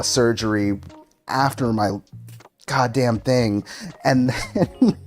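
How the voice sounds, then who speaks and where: A male streamer chats in an easygoing, unhurried way, breaking into laughter as he tells his story. His voice sits at an ordinary middle pitch. Soft game music plays faintly under his talk. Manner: laughs often through the story, loose and self-mocking.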